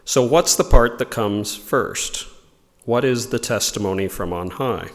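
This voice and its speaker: A man's voice: mid-range voice, measured pace, in a large hall. A man giving an informal religious lesson, explaining ideas in a thoughtful way and reading quotations aloud. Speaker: religious teacher.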